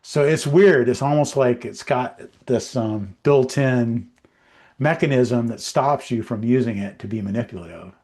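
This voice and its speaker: Podcast co-host, male, casual and meandering, average pitch, lots of filler. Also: unhurried. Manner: relaxed, rambling, many fillers and restarts.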